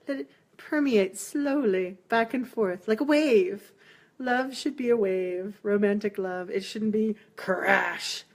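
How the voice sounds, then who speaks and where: Chatty woman giving a tarot reading. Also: medium pitch. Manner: chatty, laughs often, reassuring. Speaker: tarot reader. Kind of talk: live-streamed tarot reading.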